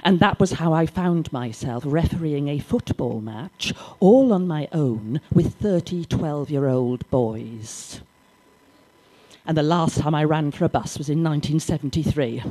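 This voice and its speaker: An older woman from Wales, performing a stand-up comedy story with dry delivery and sudden loud acted shouts. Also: sits low, expressive, unhurried. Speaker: stand-up comic. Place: library comedy gig.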